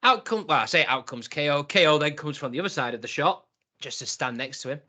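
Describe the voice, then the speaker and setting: Young man, higher and bright in tone, animated casual podcast co-host who laughs a lot. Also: quick pace. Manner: animated, laughs often, acts out quotes. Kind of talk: casual review chat.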